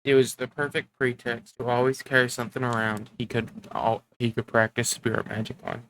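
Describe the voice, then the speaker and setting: A man's voice: mid-range voice, little pitch movement, fairly bright tone, no echo, rough recording. A man reading a novel aloud on a stream, stumbling and rereading as he goes. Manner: halting, rereads and corrects slips. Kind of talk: casual live reading.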